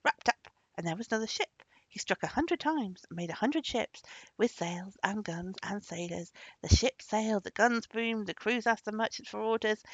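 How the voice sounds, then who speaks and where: Expressive woman reading a storybook. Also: mid-range voice, no echo. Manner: expressive, with lively intonation. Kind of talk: storybook narration. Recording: dull lo-fi recording.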